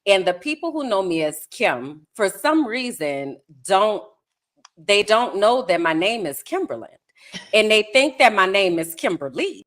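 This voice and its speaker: A woman co-hosting a casual podcast, talking in an animated, playful way and stretching words for emphasis. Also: mid-range voice, unhurried. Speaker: podcast co-host.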